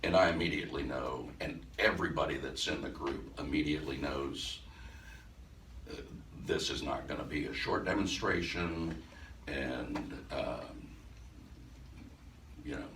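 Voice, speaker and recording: A man's voice: extremely low pitch, measured pace, long pauses, fairly bright tone. A man teaching hypnosis, telling a story from a class in a conversational way, with frequent restarts and acted-out dialogue. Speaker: hypnosis instructor. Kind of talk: storytelling lecture to a live audience. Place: event room with a live audience. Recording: echoey room, distant mic, faint noise.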